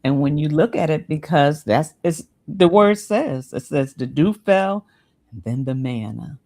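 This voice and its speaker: A woman's voice: sits low, expressive, a little slow. A woman co-hosting a devotional chat, answering with short affirmations and closing with words of encouragement. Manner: warm affirming responses, closes the show with encouragement. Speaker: co-host.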